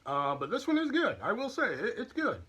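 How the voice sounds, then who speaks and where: A man's voice: very high-pitched, wildly swooping pitch, a little fast, sharp tone, husky. A man hosting a casual product review and haul vlog, talking in a candid, chatty, rambling way. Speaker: YouTube channel host.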